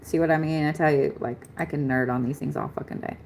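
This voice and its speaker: A woman giving a live-stream astrology reading in a chatty, excitable way, swearing casually. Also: sits low, fast talker, a little hiss or hum. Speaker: astrology reader.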